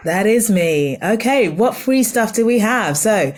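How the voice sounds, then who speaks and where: Casting: woman co-host on a podcast, mid pitch, upbeat and chatty. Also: animated, unhurried. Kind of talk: casual chat.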